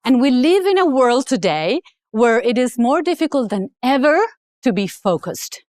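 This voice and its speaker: A woman's voice: a little high, big pitch swings, moderate pace, a little mellow, no room sound. A middle-aged woman giving a motivational talk, acting out her own story with energy. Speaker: speaker.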